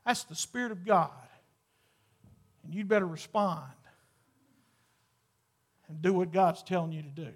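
A male pastor, preaching a sermon to a church congregation in a fervent, emphatic way that builds to loud exclamations. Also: sits high, normal speed, long pauses.

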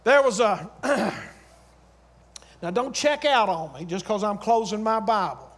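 A man with a very high voice preaches to a congregation, hammering home short repeated lines. He moves between loud urging and quiet, storytelling talk. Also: expressive, measured pace. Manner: exhorting with repeated phrases and calls to the congregation. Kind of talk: sermon.

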